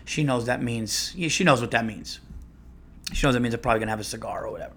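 A man's voice: medium pitch, fast, vocal fry, fairly bright tone. A man, a comedian and podcast host, telling a rambling, profane story with many restarts. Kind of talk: casual storytelling monologue.

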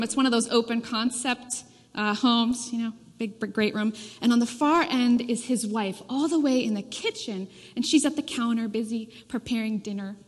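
A woman preaching a sermon in a church, telling a story in a conversational way. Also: on the high side. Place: church sanctuary. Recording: reverberant church hall.

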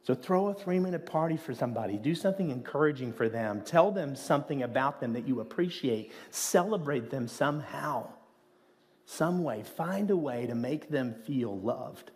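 A man's voice: mid-range voice, expressive, moderate pace, darkish tone. A man preaching a sermon as pastor, speaking in an earnest, conversational way with rhetorical asides. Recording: long hall reverb.

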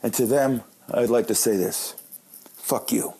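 A man's voice: mid-range voice, normal speed, dark tone, husky. A man in his late thirties, a comedian, telling joking, self-deprecating stories in a monologue. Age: late 30s. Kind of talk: comic storytelling monologue.

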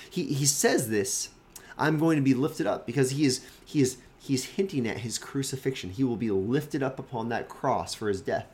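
A man's voice: medium pitch, lively intonation, normal speed, darkish tone. A man, a pastor, giving a daily devotional Bible teaching in an earnest, emphatic, conversational way.

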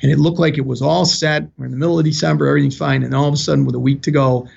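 Gravelly older man, earnest storyteller. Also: fairly high pitch, steady tone, very fast, a little mellow. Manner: earnest, plainspoken, emotional. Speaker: guest telling his story. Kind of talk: personal storytelling. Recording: dull lo-fi recording.

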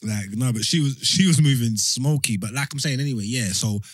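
A man's voice: medium pitch, fairly quick, dry recording. A young man, chatting casually and laid-back in slang. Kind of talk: casual chat.

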